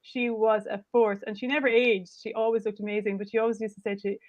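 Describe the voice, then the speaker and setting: Affirming, higher-voiced woman co-host. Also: fairly even intonation, muffled recording. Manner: affirming, quick to laugh and agree. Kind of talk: conversational podcast chat.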